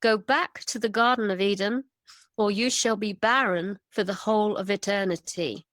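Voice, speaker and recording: A woman's voice: mid-range voice, fairly even intonation, normal speed, fairly bright tone, dry recording, close to an everyday voice. A woman voicing a stern divine messenger who delivers a solemn ultimatum.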